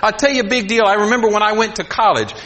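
A man preaching a sermon to a congregation, swinging between loud emphasis and quiet asides. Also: high-pitched, racing. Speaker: pastor.

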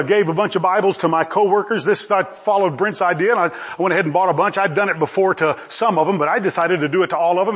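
Preaching with lively, chatty energy, this middle-aged man keeps tossing questions out to his congregation. He has a high, husky voice.

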